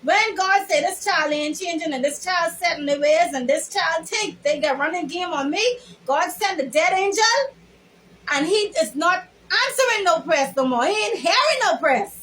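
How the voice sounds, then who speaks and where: High-voiced Bahamian woman preaching. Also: animated, normal speed, a bit bright, poor audio. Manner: emphatic, sermon-like, drawls words. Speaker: vlogger. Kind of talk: preachy storytelling monologue.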